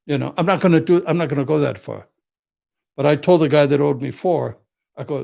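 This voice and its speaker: An older defense attorney with a rough, gravelly voice sitting slightly higher than most men's. He tells blunt, profane stories in a tough-guy manner, acting out what people said to him. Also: a little fast, darkish tone. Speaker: criminal defense attorney, guest. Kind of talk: casual storytelling.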